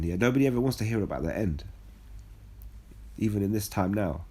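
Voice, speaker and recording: A man's voice: on the low side, expressive, a little fast, pauses often, mellow, slightly rough. A blunt man telling a heated personal story with a lot of swearing, then reading scripture as a religious speaker.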